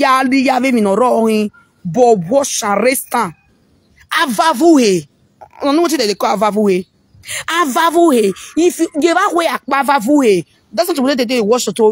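A woman's voice: a little high, dry recording. A woman with a Nigerian accent talking frankly in a casual monologue, rambling and repeating words mid-sentence.

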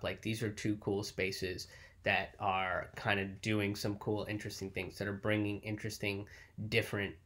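A man's voice: mid-range voice, a bit bright. A man who tours as a comedian talks casually to camera about his shows, rambling with lots of fillers and some swearing. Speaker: touring comedian. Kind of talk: casual reflective vlog talk.

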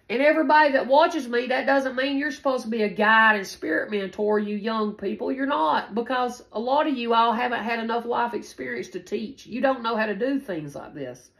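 A woman's voice: on the high side, vocal fry, a bit bright, low-quality recording. A woman giving a casual spoken tarot reading, rambling and repeating herself, with frequent swearing. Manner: rambling, repetitive and profane. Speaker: tarot reader.

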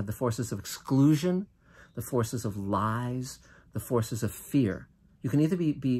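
Earnest older man, impassioned monologue. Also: medium pitch. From United States. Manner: earnest and impassioned, with frequent restarts and drawn-out emphatic phrases. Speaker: host. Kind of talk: political monologue to camera.

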